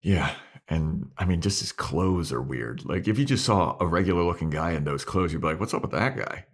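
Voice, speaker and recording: A man's voice: low-pitched, normal speed. A man co-hosting a podcast, recapping a show in loose, casual chat full of "like"s. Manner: loose, swearing, many "like"s. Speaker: podcast co-host.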